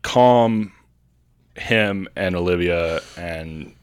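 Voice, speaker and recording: A man's voice: low-pitched, drawn-out words, clean tone. A man playing a tabletop role-playing game, talking casually and hesitantly with many fillers. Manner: hesitant, filler-heavy, apologetic. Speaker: player. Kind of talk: casual tabletop play, in and out of character.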